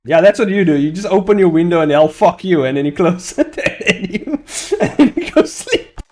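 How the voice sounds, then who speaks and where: A man's voice: high voice, sing-song, brisk, a little mellow. Laid-back guy streaming. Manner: rambling, laughs often, swears freely. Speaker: comic artist streaming. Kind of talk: casual live-stream chat.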